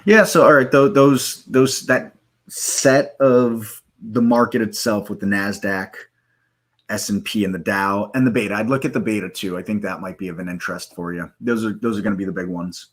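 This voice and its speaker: A man hosting a live trading stream, walking through software in a loose, rambling way with many fillers and self-corrections, and hiccups now and then. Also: fairly low pitch, fairly even intonation, normal speed. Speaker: live trading room host.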